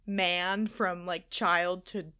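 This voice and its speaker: A young woman co-hosting a podcast, telling a story in casual chat and acting out the quotes with loud, animated energy. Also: on the low side, extremely slow, clean tone. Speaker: podcast co-host.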